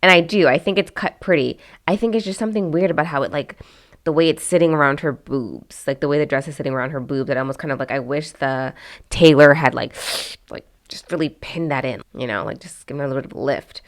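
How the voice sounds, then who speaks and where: A woman's voice: sits low, fast talker. A woman hosting a casual commentary vlog, chatty and candid, with lots of fillers and restarts as she gives her opinions. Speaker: host.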